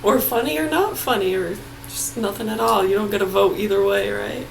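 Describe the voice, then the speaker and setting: Gravelly woman on a profane rant. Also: mid-range voice, brisk, noisy background. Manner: swearing, laughing between outbursts.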